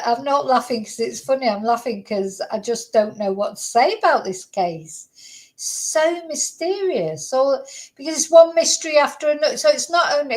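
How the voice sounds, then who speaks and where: Casting: woman host, slightly high voice, chatty and rambling. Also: rough recording. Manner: rambling, chatty, thinks aloud. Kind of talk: casual livestream chat.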